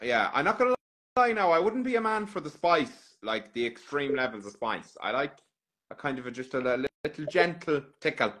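Irish guy on a live chat, dry jokes, bright voice. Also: a little high, sing-song, moderate pace. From Ireland. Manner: dry, joking, understated. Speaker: guest. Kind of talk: casual chat on a live stream.

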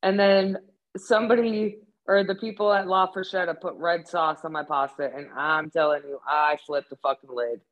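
A young woman co-hosting a podcast, telling stories in casual chat, animated and swearing often. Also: fairly low pitch, moderate pace, narrow, tinny audio. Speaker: podcast co-host.

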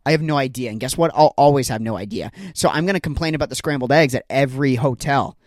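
A man's voice: mid-range voice, fast talker, no echo, studio quality. A young man hosting a solo podcast, ranting in an exasperated, jokey way. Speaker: podcast host. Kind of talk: solo comedic podcast rant. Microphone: home recording setup.

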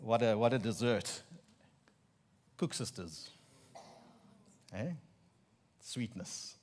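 A man in his thirties with a South African Afrikaans accent, an Afrikaans native speaker, preaching with humorous, animated storytelling and mock-incredulous asides. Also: on the low side, slow pace. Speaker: pastor. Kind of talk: sermon.

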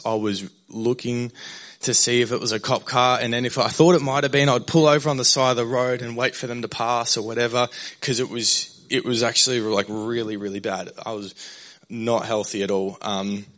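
A man's voice: medium pitch, steady tone, a little fast, fairly bright tone. A young man, a pastor, sharing a candid personal testimony in a sermon, rambling with fillers and restarts.

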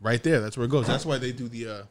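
A man's voice: mid-range voice, fast. A man co-hosting a podcast, trading wisecracks and explaining things plainly in casual chat. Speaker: podcast co-host.

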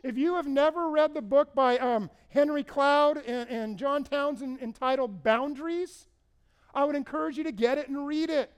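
High-voiced man preaching a sermon. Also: normal speed. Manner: conversational, storytelling, repeats words when stressing. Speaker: pastor.

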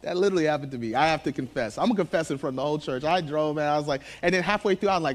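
A young man preaching a sermon to his church as pastor, animated, swinging from hushed asides to loud, excited bursts and laughing at himself. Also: a little high, rapid-fire, few pauses, slight background noise.

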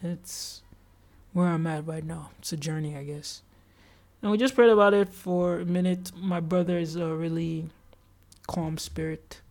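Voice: medium pitch, steady tone, unhurried, darkish tone. A podcast host casually telling a story about their day, chatty, with many fillers and acted-out quotes of other people.

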